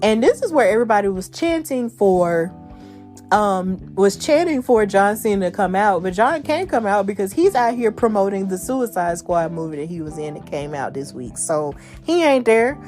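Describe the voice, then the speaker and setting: A woman's voice: medium pitch, expressive, moderate pace, darkish tone, soft background music. A woman hosting a podcast, recapping the week's wrestling shows in a chatty, slangy way and laughing at her own jokes. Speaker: podcast host.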